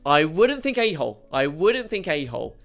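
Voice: medium pitch, normal speed, gravelly, faint music behind. Sarcastic commentary host. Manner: sarcastic, mocking, animated. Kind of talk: comedic news commentary.

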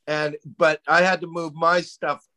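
A man's voice: fairly high pitch, flat delivery, a little slow, very noisy. A middle-aged man from Canada chatting casually as a podcast co-host, rambling, laughing and peppering his talk with "man". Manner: rambling, laughing, swears and says "man" a lot. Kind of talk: casual chat.

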